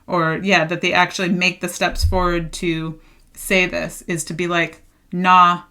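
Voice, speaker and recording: A woman's voice: on the low side, flat delivery, normal speed, sharp tone. A woman giving a casual tarot reading to viewers, chatty and emphatic, repeating her phrases and laughing often. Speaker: tarot card reader.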